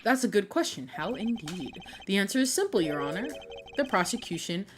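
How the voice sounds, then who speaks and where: A woman's voice: medium pitch, sing-song, fairly quick, noisy background, close to an everyday voice. A woman voicing a smug young male prosecutor in a game, cocky and teasing.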